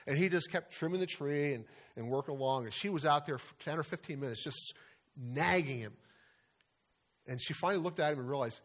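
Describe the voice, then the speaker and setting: A man's voice: fairly high pitch, brisk, a bit bright. A middle-aged man preaching a sermon as pastor, earnest and conversational, weaving in personal stories.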